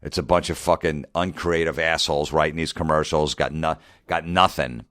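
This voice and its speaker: A middle-aged comedian rants in a profane, exasperated monologue, replaying old arguments in quick back-and-forth. His voice sits extremely low. The sound is dry and close, with no room around it. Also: fairly even intonation, a bit bright, no room sound. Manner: profane, exasperated, re-enacts conversations. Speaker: comedian podcast host. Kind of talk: ranting monologue.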